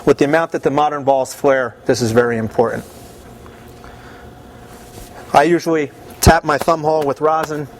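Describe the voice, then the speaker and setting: A man calmly and methodically explaining his own technical routine as a bowler. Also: mid-range voice, a little hiss or hum.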